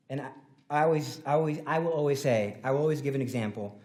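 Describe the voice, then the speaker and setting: Animated man giving an earnest talk. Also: mid-range voice, quick pace. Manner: animated, jumps to loud emphatic bursts; earnest and exhorting. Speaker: conference speaker. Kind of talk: devotional talk at a symposium.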